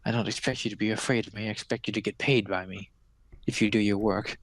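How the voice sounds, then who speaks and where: A man voicing a scheming, coolly menacing noble widow of a powerful necromancer, with a measured delivery. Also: on the low side, fairly even intonation.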